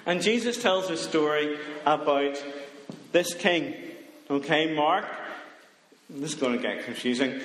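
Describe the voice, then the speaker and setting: A man's voice, set a little high, unhurried and deliberate as he leads an interactive sermon. He is playful and coaxing, calling on people to stand up and join in. The sound rings with a long reverb, as in a large church hall. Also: fairly bright tone. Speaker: preacher leading a children's talk. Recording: echoey hall with long reverb, faint noise.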